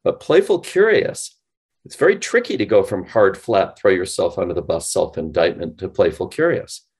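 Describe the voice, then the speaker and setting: A man being interviewed on a podcast, explaining with animated, demonstrative delivery and acting out example phone lines. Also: sits low, moderate pace, slightly rough. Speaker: guest, sales company CEO.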